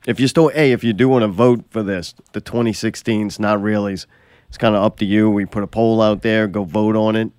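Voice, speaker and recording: A man's voice: fairly low pitch, steady tone, brisk, darkish tone, smooth, dry recording, studio quality. A man hosting a call-in show, with joking, profane banter. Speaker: host. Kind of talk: casual call-in show chat.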